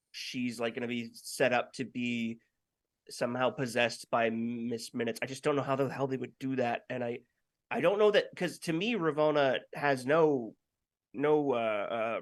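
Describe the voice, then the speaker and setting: Male podcast co-host, mid pitch, hesitant and musing, trails off often. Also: fairly bright tone. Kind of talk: casual chat.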